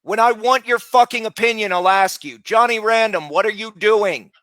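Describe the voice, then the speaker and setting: A man live streaming, talking casually and loudly berating people with heavy profanity. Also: sits high, moderate pace, no echo.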